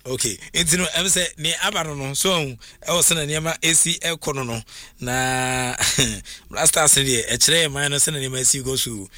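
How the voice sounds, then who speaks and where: Bright-voiced Ghanaian radio host. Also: male voice, medium pitch, normal speed, no room sound. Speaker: radio talk show host. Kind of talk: sports radio talk.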